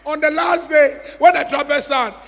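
A man's voice: fairly even intonation, moderate pace, a bit bright, shouting, long reverb tail. A man doing two wailing grieving sisters. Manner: laughing and crying at once, high and shrill.

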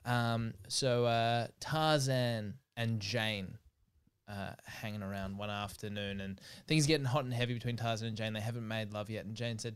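Male co-host with dry, teasing humor, telling a joke over a call. Clear, smooth voice. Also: fairly low pitch, fairly even intonation, moderate pace. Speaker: podcast co-host. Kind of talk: casual chat, joke telling.

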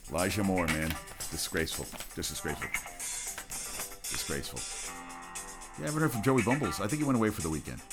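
A man's voice: sits low, lively intonation, fast, long pauses. A man hosting his own sports show in a casual, rambling rant, blunt and profane, with faint music behind.

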